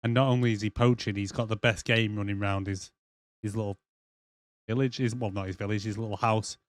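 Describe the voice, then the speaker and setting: A man's voice: fairly low pitch, fairly even intonation, brisk, no echo. A young man co-hosting a casual movie review podcast, sweary and acting out scenes in silly voices. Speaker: podcast co-host.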